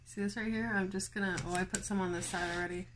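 A woman's voice: mid-range voice, steady tone, quick pace, noisy background. A woman hosting a home plant vlog, chatting casually to viewers with lots of fillers and little laughs. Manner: chatty, filler-heavy, giggly, talks to viewers. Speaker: plant channel host. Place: home, indoors.

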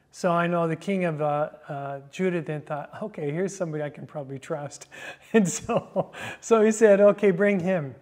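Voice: mid-range voice, unhurried, darkish tone. A Bible teacher reading scripture aloud and then explaining it, with many hesitant fillers between phrases.

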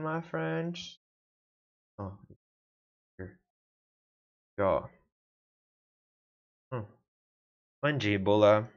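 Portuguese native guy muttering words over n over, super slow, muffled lo-fi audio. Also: fairly low pitch, gravelly. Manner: repeats words aloud over and over, mutters to himself. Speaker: language learner. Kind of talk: casual self-study practice.

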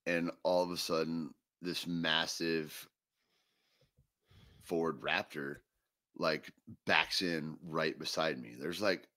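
A man's voice: a bass voice, fairly even intonation, slow, long pauses, sharp tone. A man co-hosting a podcast, telling a long funny story in casual chat and laughing through the punchlines. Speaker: podcast co-host.

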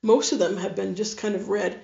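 Gravelly woman interviewer. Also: medium pitch, steady tone, fairly quick, dark tone. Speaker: interviewer and writer. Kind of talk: interview conversation. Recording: roomy, muffled recording.

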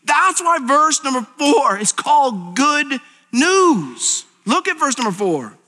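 Pastor type, male, high and bright, moves from a jokey story to fervent preaching, echoing church hall. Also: very animated, unhurried. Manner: storytelling with humor, rising to impassioned preaching. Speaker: senior pastor. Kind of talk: sermon. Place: church sanctuary. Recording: church sanctuary reverb.

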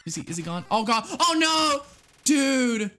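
A young woman streamer with a slightly high voice chats excitably while playing, laughing between lines and greeting viewers by name. Faint game music runs quietly underneath. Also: a little slow, low-quality recording. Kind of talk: live game commentary and chat.

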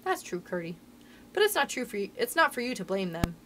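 A kindly, practical mother in a small cottage, as a woman reading a storybook puts her on. She speaks low and calm, gentle but firm. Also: fairly quick, noisy background, close to an everyday voice.

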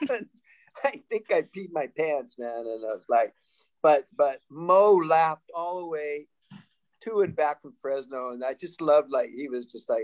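A man in his sixties from Sacramento, California, telling lively stories as a panel guest, laughing and restarting often. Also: fairly high pitch, unhurried, poor audio. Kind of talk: casual storytelling.

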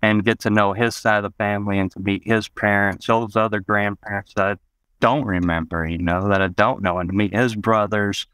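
Man, low and smooth, dry close mic, rambling storyteller. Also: fairly even intonation, fairly quick, a bit bright, no room sound. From Arkansas, US. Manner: rambling, many "you know" asides. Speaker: guest. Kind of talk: personal storytelling in an interview.

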